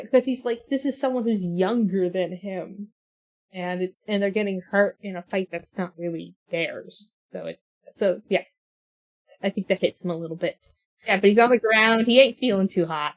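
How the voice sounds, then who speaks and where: A woman's voice: mid-range voice, normal speed. A woman describing her character's actions in a tabletop game, rambling with restarts and laughs. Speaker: player. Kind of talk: casual chat during a tabletop game.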